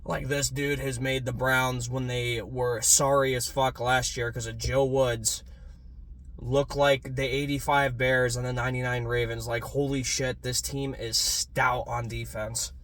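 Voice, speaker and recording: A young man ranting in a casual sports fan vlog, swearing freely and swinging from low muttering to loud yelling. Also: level tone, unhurried.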